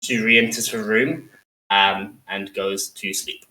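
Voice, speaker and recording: A man's voice: lowish voice, fairly even intonation, takes it slowly, sharp tone, echoey room, distant mic, rough recording. A man running a tabletop game as game master, narrating with frequent hesitations and fillers.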